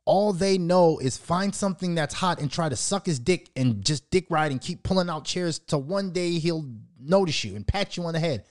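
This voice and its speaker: A man's voice: on the high side, moderate pace, no room sound, clean studio sound. A man from Minnesota hosting his own show, ranting casually in a mocking, profane way and laughing often. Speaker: show host. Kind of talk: casual solo rant.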